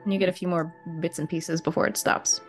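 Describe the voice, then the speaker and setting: A woman narrating a tabletop role-playing game as game master, telling the scene in an unhurried, expressive way. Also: on the low side, faint music behind.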